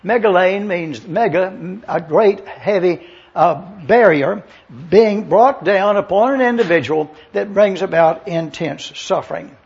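An older man preaching a teaching sermon as pastor, slowly explaining words and spelling them out letter by letter. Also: high voice, vocal fry, slightly rough, highs cut off. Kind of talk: expository sermon.

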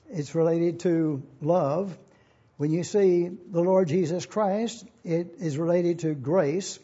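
Dark husky preacher, lo-fi sound. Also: male voice, high voice. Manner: measured, formal pulpit delivery reading scripture aloud. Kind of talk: sermon teaching.

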